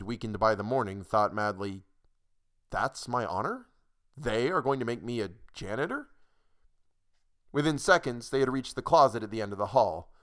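Man, audiobook narrator, measured, dry storytelling. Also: mid-range voice, fairly bright tone, clean tone. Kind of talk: audiobook reading of a short story.

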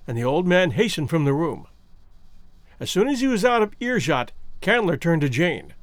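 A male audiobook narrator with a fairly high voice that rises and falls a lot. He reads the narration in an expressive, even way. The recording is close and completely dry. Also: moderate pace, no echo. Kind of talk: audiobook reading.

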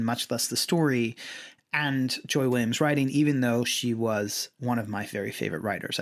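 A man telling a personal story in a casual podcast chat, halting and restarting as he goes. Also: medium pitch, fairly bright tone. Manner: halting, with frequent restarts and trailing asides.

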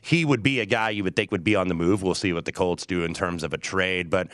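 A fairly low male voice, steady and analytical as he weighs up options in a relaxed sports-talk chat. The sound is close and dry, with no room around it. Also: no room sound. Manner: measured, analytical, chatty. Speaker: sports betting show co-host.

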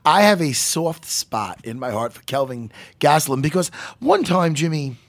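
A man hosting a casual talk show, animated and jokey, swearing freely. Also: a little high, moderate pace. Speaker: podcast host. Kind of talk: casual chat.

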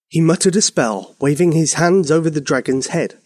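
A man narrating a bedtime story for young children, expressive and animated. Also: fairly high pitch, normal speed.

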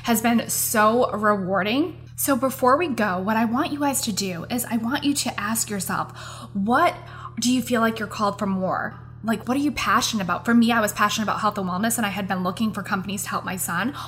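A woman's voice: medium pitch, brisk, a bit bright. A woman, hosting a motivational podcast. She talks in an earnest, chatty way, as if speaking directly to her listeners. Faint music plays in the background. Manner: earnest, chatty, addresses listeners as "you guys". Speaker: podcast host. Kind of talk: casual motivational podcast monologue.

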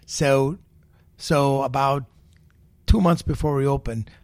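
A man in his sixties, a chef being interviewed, telling lively stories with frequent restarts. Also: mid-range voice, slow pace, no room sound. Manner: animated anecdotes with repeated restarts. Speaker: guest chef. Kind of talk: storytelling interview.

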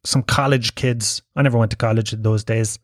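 A man's voice: fairly low pitch, fairly even intonation, brisk, no room sound, clean studio sound. A man hosting his podcast, delivering a rambling, profane monologue and laughing at his own jokes. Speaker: podcast host. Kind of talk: casual ranting monologue.

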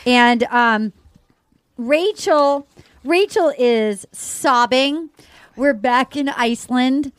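A woman podcast host recapping a show in casual chat, animated and gossipy. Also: sits high, very slow, clean tone, no echo.

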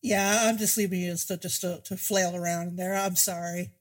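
A woman co-hosting a podcast in casual chat, giggly and halting as she talks. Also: lowish voice, steady tone, slight background noise. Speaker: podcast co-host.

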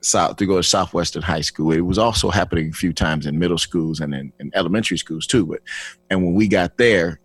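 A man in his sixties from Flint, Michigan appears as a guest to tell his life story as personal testimony, animatedly acting out the dialogue with many restarts. His voice is low-pitched with a breathy edge, and he speaks a little fast.

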